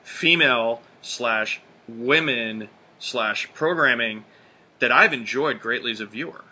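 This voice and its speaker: Guy cohosting a podcast, super bright voice, rambles and restarts a lot. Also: medium pitch, measured pace, husky. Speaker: podcast co-host. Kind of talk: casual podcast chat.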